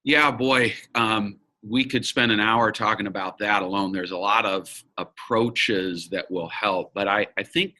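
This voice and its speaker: A man's voice: lowish voice, fairly even intonation, measured pace, few pauses, bright, forceful tone, poor audio. A man speaking as an interview guest, a business coach and facilitator who talks frankly and emphatically and swears now and then. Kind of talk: candid interview conversation.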